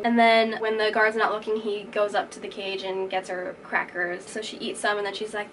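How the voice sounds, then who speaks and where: Brief: casual woman vlogger, chatty, mid-pitched, filler-heavy book recap, sitting a bit back from the mic. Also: level tone, brisk, hardly any pauses, far from the mic, noisy background. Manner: chatty, full of fillers like "like", acts out quotes.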